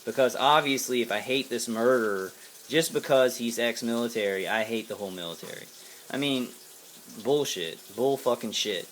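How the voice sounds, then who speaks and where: A man's voice: mid-range voice, moderate pace, a bit bright, a little hiss or hum. An American man giving a casual to-camera monologue as a vlogger, angry, profane and rambling with many fillers and restarts. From United States.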